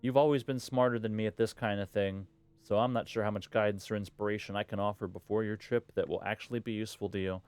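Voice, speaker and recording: A man doing a fond father, middle-aged, cheery, deep, smooth voice, faint music underneath. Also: steady tone, fast, few pauses, a little mellow, no echo, natural voice. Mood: fatherly.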